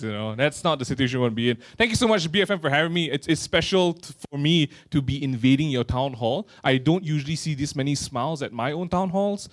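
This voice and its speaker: Young Malaysian comic, casual stand-up delivery, chatty and self-deprecating, a touch higher-pitched than most men. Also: male voice, expressive, quick pace, fairly bright tone. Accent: Malaysian English. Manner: chatty, self-mocking, playful impressions. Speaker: stand-up comedian. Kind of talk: stand-up comedy set. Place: office meeting hall.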